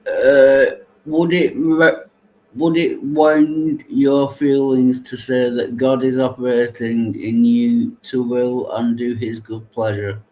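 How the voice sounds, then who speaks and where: A man with a mid-pitched voice speaks very slowly and pauses often while he thinks. He says yeah again and again and restarts his sentences as he puts questions to his partner. The talk is a relaxed conversation about faith. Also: low-quality recording. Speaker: discussion partner asking questions. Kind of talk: casual Bible discussion.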